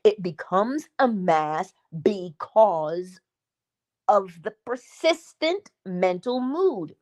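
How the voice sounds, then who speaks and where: A woman's voice: medium pitch, lively intonation, very slow, darkish tone. A woman hosting a morning livestream teaching talk, emphatic and conversational, asking her listeners questions and acting out little dialogues. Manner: acts out little dialogues with herself. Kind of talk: live-stream teaching talk.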